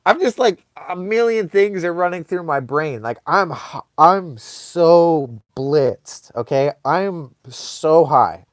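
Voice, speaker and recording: A man hosting a live online show, telling a comic story casually in a rambling, animated way full of fillers. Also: fairly high pitch, slow, dry recording, clean studio sound.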